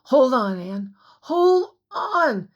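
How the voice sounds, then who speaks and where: A desperate young man clings to a mountain edge, crying out loud pleading shouts, as a woman narrator voices him. The delivery is unhurried and measured, with an even middle pitch. It sounds like a read storybook. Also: husky, muffled recording.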